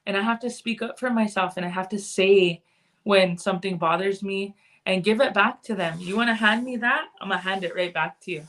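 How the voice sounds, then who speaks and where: A woman's voice: mid-range voice, brisk, fairly bright tone. A woman talking as a podcast guest in a loose, conversational way. She is candid and frank, and she lets a cuss word slip in here and there. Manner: candid, frank, occasionally cussing. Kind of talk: casual conversation.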